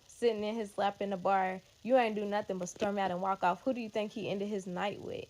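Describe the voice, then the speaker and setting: A woman's voice: medium pitch, steady tone, a little fast, a little mellow, lightly acted. A woman voicing a brash young woman who taunts her best friend with defiant, boastful talk. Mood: taunting.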